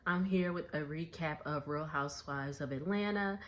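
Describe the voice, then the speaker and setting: A woman's voice: low-pitched, moderate pace, a bit bright, dull audio, a little hiss or hum. A young woman casually recapping a TV episode from her kitchen, chatty and laughing often, with slangy speech. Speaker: recap vlogger. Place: home kitchen dining area.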